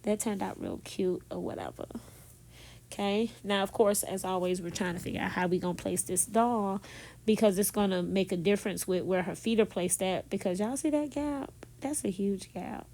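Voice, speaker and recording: Vrouw die zacht en kletserig vertelt. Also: female voice, medium pitch, animated, moderate pace. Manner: chatty, laughs at herself, addresses viewers directly; talks softly so as not to disturb someone nearby. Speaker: planner vlogger. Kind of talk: casual voiceover chat. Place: bedroom at home.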